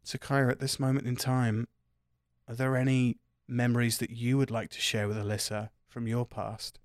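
A man's voice: mid-range voice, little pitch movement, normal speed, no echo, clean studio sound. A man narrating a tabletop game as game master, telling a sombre backstory in a solemn, descriptive way.

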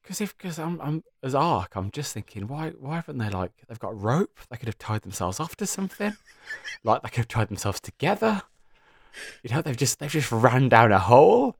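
A man at a tabletop role-playing game, musing aloud about his character's view. His pitch rises and falls a lot, and the sound is dry and close to the mic. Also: big pitch swings, normal speed, breathy edge, no echo. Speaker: player. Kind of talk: tabletop role-play chat.

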